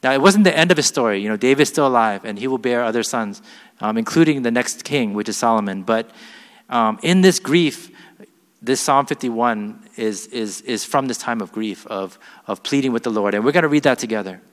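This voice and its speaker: A man's voice: mid-range voice, animated, a little fast. A man preaching a sermon, reading scripture aloud with weight and then explaining it in plain, earnest words. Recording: long hall reverb.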